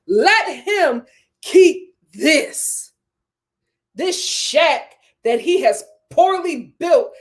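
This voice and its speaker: Sassy, animated woman reviewer. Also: high voice. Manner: sassy, animated, laughs often. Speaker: reality TV reviewer. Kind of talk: casual show recap.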